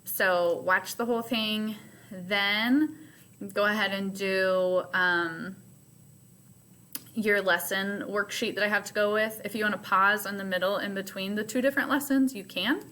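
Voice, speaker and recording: A woman's voice: mid-range voice, fairly even intonation, a little slow, sharp tone. A woman teacher recording a remote phonics lesson for her students, explaining step by step in a patient way.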